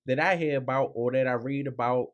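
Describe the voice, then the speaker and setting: Halting man panelist on a talk show. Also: mid-range voice, lo-fi sound. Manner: halting, lots of "like" fillers. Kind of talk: casual talk show chat.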